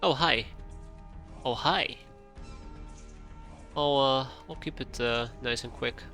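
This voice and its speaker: A man streaming a strategy game live, chatting casually to himself as he plays, with quick asides. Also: mid-range voice, sharp tone. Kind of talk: casual live gameplay commentary. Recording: faint game music behind.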